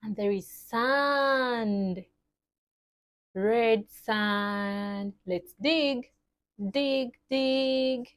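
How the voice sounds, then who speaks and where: A young woman leads a lesson for toddlers in a fairly high voice. She speaks very slowly and cheerfully in an exaggerated sing-song, stretching words and imitating animal sounds. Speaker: children's teacher.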